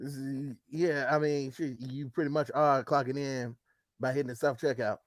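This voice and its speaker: A man's voice: medium pitch, fairly even intonation, moderate pace, no room sound, studio quality. A man, co-hosting a podcast, laughing often and throwing in short, teasing comebacks. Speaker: podcast co-host. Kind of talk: casual comedic chat.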